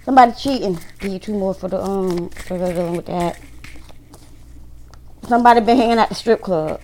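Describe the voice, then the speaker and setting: A woman's voice: mid-range voice, normal speed, dark tone, a little hiss or hum, rough recording. A woman doing a casual tarot reading, talking bluntly to her viewers and swearing freely. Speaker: tarot reader.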